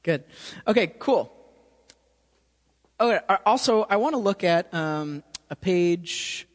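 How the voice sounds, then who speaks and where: A man's voice: high voice, expressive, slow pace. A man giving a casual, hands-on drum lesson, often stopping to ask if the student follows. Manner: casual, checks understanding with frequent "okay?". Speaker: drum teacher. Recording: reverberant room with drums playing.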